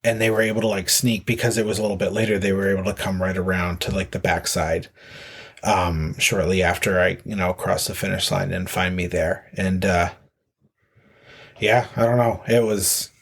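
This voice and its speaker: A marathon runner appearing as a podcast guest tells a long story casually in a deep, creaky, husky voice that's a bit bright, with a level tone and moderate pace. He rambles, with many fillers and restarts.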